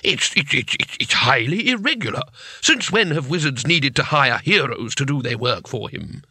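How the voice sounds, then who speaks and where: A man's voice: medium pitch, big pitch swings, normal speed, pushed and bright, breathy edge, no echo, full character voice. A man putting on a sneering fussy wizard, Wirt. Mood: indignant. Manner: sneering, sputtering.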